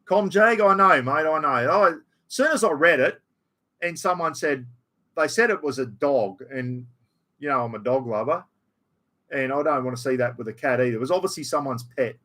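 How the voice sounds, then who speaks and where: A man's voice: on the high side, lively intonation, moderate pace, sharp tone. A middle-aged Australian man chatting casually on his livestream, reading out chat comments in a broad, blokey way. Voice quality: broad, blokey, says "mate" and "bloody" a lot. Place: room at home with aircon.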